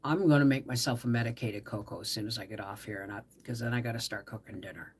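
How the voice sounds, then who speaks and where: A middle-aged woman hosting a casual live stream, tired from a migraine, talking softly and trailing off as she greets viewers. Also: a bass voice, breathy edge. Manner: slow, soft-spoken, trailing off, greeting viewers warmly by name. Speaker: livestream host.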